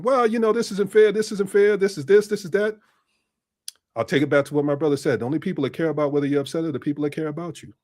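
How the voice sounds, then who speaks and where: Fast-talking blunt middle-aged man. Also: a little high. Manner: blunt street-wise storytelling. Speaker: podcast guest, business strategist. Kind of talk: casual podcast conversation.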